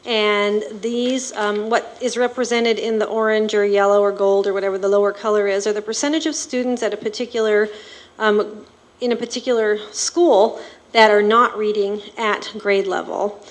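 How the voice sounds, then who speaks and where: A woman, a district administrator, giving a measured, explanatory slide presentation to a school board. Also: medium pitch, fairly even intonation.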